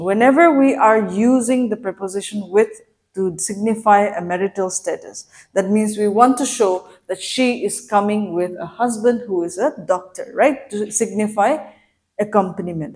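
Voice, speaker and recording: A woman teacher working through a grammar lesson in a clear, explanatory way. She keeps asking her listeners questions. She reads each example sentence slowly, stressing the words. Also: medium pitch, a little mellow. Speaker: English teacher.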